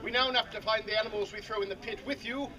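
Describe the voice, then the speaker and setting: A man's voice: sits high, fairly even intonation, quick pace, very noisy. A man performing an outdoor comedy show, bantering and teasing audience volunteers. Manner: bantering, teasing crowd work. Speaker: street performer. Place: outdoor fair stage. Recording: loud crowd outdoors. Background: large crowd.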